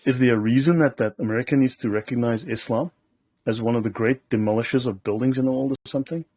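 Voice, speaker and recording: A man's voice: mid-range voice, fairly even intonation, fast, a little mellow, no room sound. A man hosting, reading documents aloud and commenting on them in a casual, sardonic way, often checking in with his listeners. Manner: sardonic, keeps checking in with "okay?". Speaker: host.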